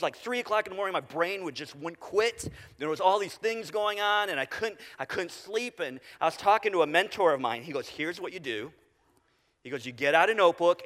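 A middle-aged man preaching a sermon as pastor, conversational with halting restarts, dropping to quiet repeated phrases. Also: fairly high pitch. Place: church sanctuary. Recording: long reverb of a large hall.

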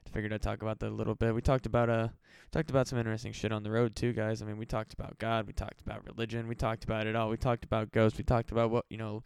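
A man's voice: on the low side, flat delivery, very fast, vocal fry, few pauses, darkish tone, clean tone, no room sound. A tired man from the Midwest rambling casually and profanely as a solo podcast host. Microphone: home podcast mic.

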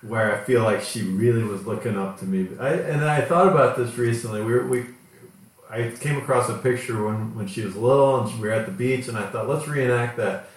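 A man's voice: mid-range voice, steady tone, brisk. A middle-aged man talking in a dry, self-deprecating way. He sits back from the mic, and the room's echo hangs heavily around him. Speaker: guest, father. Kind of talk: casual comedy chat. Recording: distant mic in echoey room.

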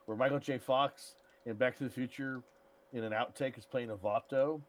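A man's voice: mid-range voice, steady tone, moderate pace. Male podcast co-host, casual blunt banter, irreverent. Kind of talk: casual chat.

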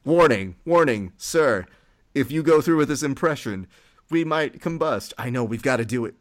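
A man putting on a high, loud beeping alarm voice inside a submarine. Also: expressive, moderate pace, no room sound, clean studio sound, natural voice. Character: frantic robotic submarine alarm voice.

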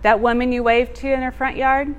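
A woman telling a personal testimony in a sermon, animated and expressive, laughing as she tells it. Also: high-pitched, fairly quick, smooth, muffled recording. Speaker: church speaker.

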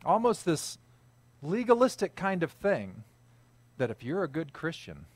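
A man's voice: on the high side, wildly swooping pitch, measured pace, no echo. Conversational preacher man, dry close sound. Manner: conversational, self-deprecating, frequent uh fillers. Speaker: pastor. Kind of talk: sermon with personal storytelling.

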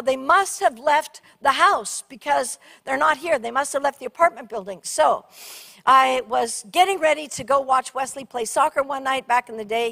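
Woman preaching, high voice, lively funny story, gets loud and shrieky. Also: vocal fry. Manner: animated, shrieking during funny story parts. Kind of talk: sermon storytelling.

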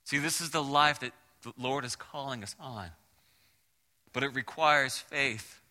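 Animated preacher in a reverberant hall. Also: male voice, medium pitch, measured pace. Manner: animated storytelling preacher, voices the people in his stories. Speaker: pastor. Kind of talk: sermon.

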